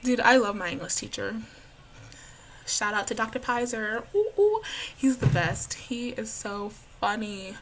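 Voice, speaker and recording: A woman's voice: on the high side, expressive, a little slow, a little hiss or hum. A young woman in college chatting casually in a vlog, bubbly and giggly, with lots of "like" in her talk. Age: young adult. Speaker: college student vlogger.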